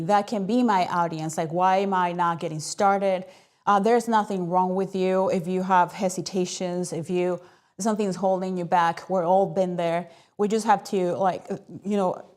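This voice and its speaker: Energetic chatty woman hosting a live stream. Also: lowish voice. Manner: energetic, chatty, many fillers. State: out of breath. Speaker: host.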